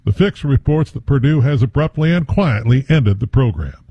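A man filing a scripted radio news report in a measured reading voice. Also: medium pitch, expressive, breathy edge, dry recording. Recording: slightly dull lo-fi audio.

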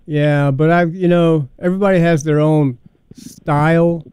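Hesitant radio host, dark smooth voice. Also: male voice, on the high side, fairly even intonation, measured pace, no echo. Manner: hesitant, lots of ums. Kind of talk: casual radio chat.

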